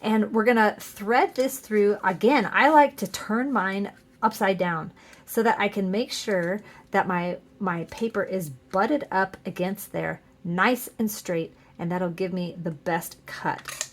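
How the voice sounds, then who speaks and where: A middle-aged woman chatting her way through a card-making tutorial, upbeat and full of fillers and quick self-corrections. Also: mid-range voice. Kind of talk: casual crafting tutorial.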